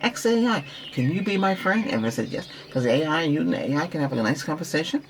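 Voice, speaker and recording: A man who practices Reiki, giving a rambling relaxation talk with breathing guidance, repeating himself and coaching gently. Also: on the high side, big pitch swings, quick pace, slight background noise.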